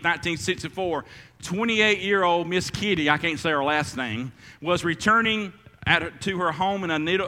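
A man's voice: a little high, pushed and bright, big-room sound. A man preaching a sermon as pastor, stumbling through restarts and fillers and rising to emphatic calls.

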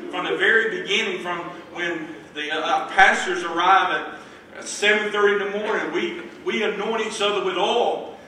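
A man preaching a lively sermon as pastor, sometimes hollering, in a church. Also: high voice. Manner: animated, hollering at times. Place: church sanctuary. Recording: echoey hall, far from the mic, noisy.

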